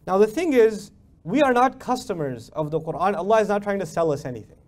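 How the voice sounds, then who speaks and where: Animated high-voiced male lecturer. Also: fairly quick. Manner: animated, rhetorical questions, acts out mock dialogues. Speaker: lecturer on the Quran. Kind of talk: Islamic lecture.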